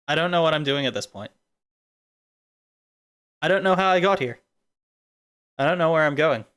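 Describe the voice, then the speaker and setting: Rambling streamer with a lively voice. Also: mid-range voice, normal speed, long pauses, clear, resonant tone. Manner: rambling, silly tangents. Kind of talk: casual stream chat.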